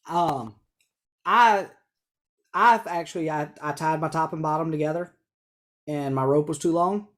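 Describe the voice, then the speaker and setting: Lively man acting out a story. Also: fairly high pitch, unhurried, long pauses. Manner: animated, laughing storyteller who acts out dialogue. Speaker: guest, hunting friend. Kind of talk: casual storytelling chat.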